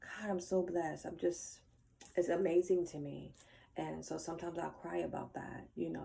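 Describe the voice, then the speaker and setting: An older woman speaks straight to her viewers in a heartfelt personal monologue. Her voice sits low and gravelly, with a dark, mellow tone. She rambles warmly through fillers and slips into soft, near-whispered asides. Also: normal speed, slight background noise. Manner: earnest, emotional, with frequent fillers and soft trailing asides. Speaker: vlogger.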